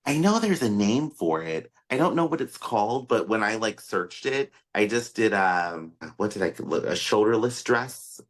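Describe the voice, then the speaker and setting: A man's voice: lowish voice, very animated, normal speed, hardly any pauses. A man co-hosting a podcast in casual chat, speaking in a loose, candid way with many fillers. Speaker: podcast co-host.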